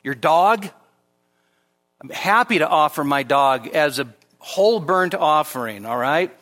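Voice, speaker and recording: A man preaching a sermon to a church congregation, rising to emphatic high peaks on key points and dropping into conversational asides and light humor. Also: lively intonation, unhurried, fairly bright tone, in a large hall. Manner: emphatic, climbs sharply in pitch when stressing a point. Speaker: pastor. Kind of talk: expository sermon. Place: church service before a congregation.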